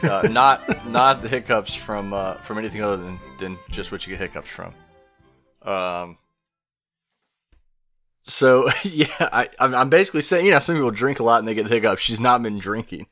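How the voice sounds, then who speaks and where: Low bright male podcast co-host. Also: animated, moderate pace, no echo, studio quality, faint music behind. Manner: easygoing, laughs between words. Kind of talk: casual podcast chat.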